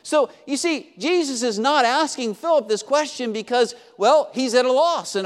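High-voiced preacher in an echoing hall. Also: male voice, moderate pace, few pauses. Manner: emphatic preaching that rises and falls in volume. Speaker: pastor. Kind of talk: sermon. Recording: long hall reverb.

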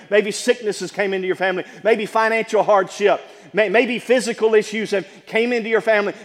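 A man's voice: high-pitched, in a large hall. A man preaching a sermon as pastor of a church, repeating phrases and building emphasis as he speaks. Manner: preaching with repetition and rising emphasis.

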